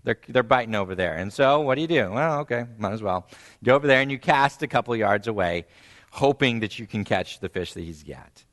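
Guy preaching a sermon, middle voice, gets animated doing the quotes, repeats stuff quietly for emphasis. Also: brisk. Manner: animated, acts out quoted voices with big pitch jumps; repeats key phrases softly for emphasis. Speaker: pastor.

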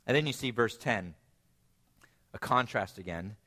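A man's voice: lively intonation, unhurried, bright, forceful tone. Earnest man preaching a sermon. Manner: earnest, rising to emphatic peaks and dropping low.

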